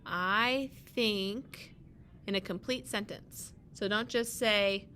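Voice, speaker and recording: A young woman teacher reads a children's picture book aloud in a gentle voice. She speaks at a slow, deliberate pace and keeps stopping to ask her students questions. Faint noise sits quietly under the recording. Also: mid-range voice, steady tone.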